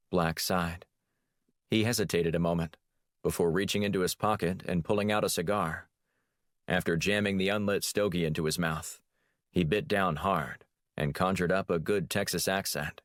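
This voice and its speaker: Deep male narrator, steady audiobook delivery, dry studio sound. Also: normal speed, no echo. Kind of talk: scripted narration.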